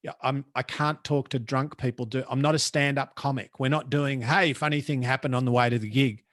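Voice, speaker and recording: A man's voice: mid-range voice, fairly even intonation, a little fast, fairly bright tone, no echo, clean studio sound. A man with an Australian accent, a professional speaker telling a story as a guest in a casual chat, blunt and colloquial.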